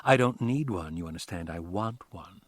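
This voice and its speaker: A man's voice: sits low, expressive, moderate pace, no echo, studio quality. A man reading an audiobook, voicing an edgy, self-conscious woman nearing thirty. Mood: sharp. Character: nervous woman about to turn thirty.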